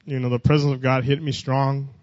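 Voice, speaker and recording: A man's voice: mid-range voice, flat delivery, a little fast, darkish tone, no room sound, dull audio. A man preaching a sermon. He reads scripture and then talks plainly, repeating and restarting phrases, and his voice rises when he reads verses.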